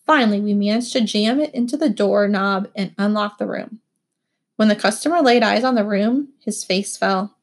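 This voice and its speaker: A woman giving expressive, animated first-person audiobook narration. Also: medium pitch, moderate pace.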